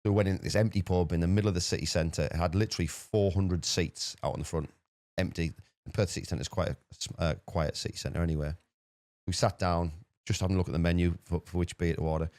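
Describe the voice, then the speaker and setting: Recorded dry, a low-voiced man from the UK guests on a podcast and tells an anecdote in a casual, rapid, animated way, with many words repeated.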